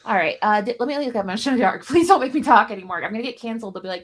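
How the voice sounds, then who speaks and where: A woman's voice: mid-range voice, quick pace, few pauses. A woman co-hosting a live stream in casual chat, rambling and self-deprecating with a jokey edge. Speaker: streamer co-host. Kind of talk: casual stream chat about a card game.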